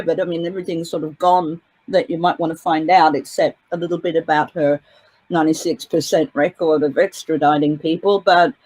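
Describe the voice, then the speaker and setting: A woman's voice: fairly low pitch, a little mellow, husky, poor audio. A woman giving a casual interview as a guest commentator, talking in long winding sentences with many fillers and restarts. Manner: hesitant, with frequent fillers. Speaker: guest commentator on a court case.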